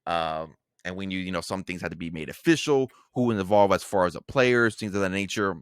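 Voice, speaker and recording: Low-voiced man rambling on a podcast. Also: a little fast, smooth, dry recording, clean studio sound. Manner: rambling, swears, many fillers and restarts. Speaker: podcast co-host. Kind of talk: casual podcast chat.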